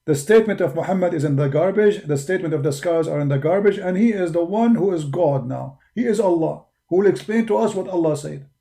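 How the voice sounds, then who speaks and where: Arabic-accented man, gravelly and dark-toned, emphatic debater who mocks his opponents. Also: high voice, fast, hardly any pauses. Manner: combative, mocking, emphatic. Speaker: religious debater. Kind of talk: polemical monologue.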